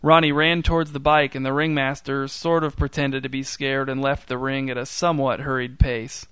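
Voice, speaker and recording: Man reading a story, smooth and deadpan. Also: medium pitch, normal speed, no room sound. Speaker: narrator. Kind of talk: scripted story narration.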